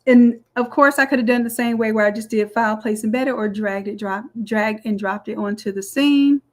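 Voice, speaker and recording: A woman walking through a design software tutorial step by step in a chatty, explaining way. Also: on the high side, fairly even intonation, normal speed. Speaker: design instructor. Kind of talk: screen-recorded software tutorial.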